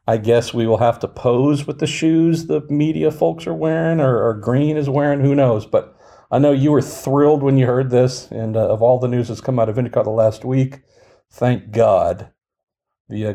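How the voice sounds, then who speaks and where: A man in his forties hosts a casual podcast, reading the news with dry, wry humor and mock hype. His voice is warm and medium-pitched.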